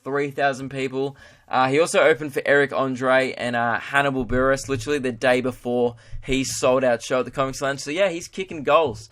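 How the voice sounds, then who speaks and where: A man's voice: medium pitch, fairly bright tone. A young Australian man hosting a podcast, rambling through a casual comedic monologue and laughing at his own jokes. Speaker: podcast host.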